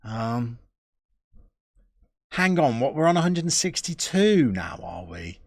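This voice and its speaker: A man's voice: mid-range voice, very animated, slow, no echo, clean studio sound. A man chatting casually on a live game stream, reading viewer messages in a chatty, self-deprecating way. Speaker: Football Manager streamer.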